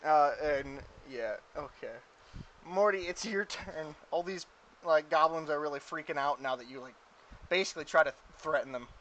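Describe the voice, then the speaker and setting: A man's voice: fairly high pitch, moderate pace, fairly bright tone, highs cut off, slight background noise. A man running a tabletop game as game master, rambling and stumbling over his words with giggles.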